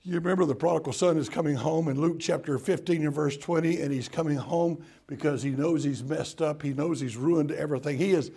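A man preaching a sermon as pastor, swinging from loud calls to hushed tones and repeating words in bursts. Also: a little high, steady tone, a little fast, vocal fry, hardly any pauses, husky.

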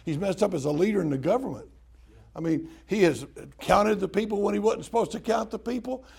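A man's voice: high-pitched, brisk, vocal fry, darkish tone, husky. An older man preaching a folksy sermon, joking with the congregation and acting out prayers in mock-crying voices. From Southern US. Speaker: pastor.

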